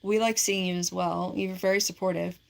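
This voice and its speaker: A woman's voice: fairly low pitch, fairly even intonation, brisk, gravelly. A woman in her forties on a casual livestream, reading and answering viewer comments in a rambling, giggly way with lots of filler words. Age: 40s.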